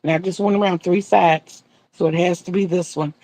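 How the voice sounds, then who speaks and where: An older woman talks through her crochet work on a live stream, chatty and rambling, circling back and repeating her words. Her voice has a gravelly edge, and the sound is dry and close. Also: lowish voice, steady tone, moderate pace, dark tone, no room sound. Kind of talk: casual live-stream chat while crocheting.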